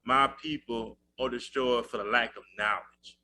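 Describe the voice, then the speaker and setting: A man's voice: medium pitch, steady tone, a little slow, sharp tone, slight background noise. A man hosting a casual faith talk show, conversational and quoting scripture.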